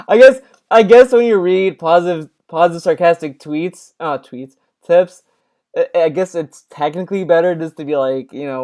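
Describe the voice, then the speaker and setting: A man's voice: high-pitched, normal speed, darkish tone, smooth. A man doing casual reaction commentary, rambling and sarcastic, with many restarts. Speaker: commentary streamer.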